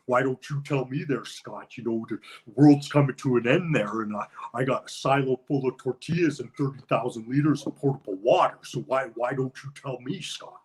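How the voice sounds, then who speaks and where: A man impersonating a gruff male wrestler with a deep Minnesota accent, asking slow, taunting questions. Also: darkish tone, close to an everyday voice, poor audio.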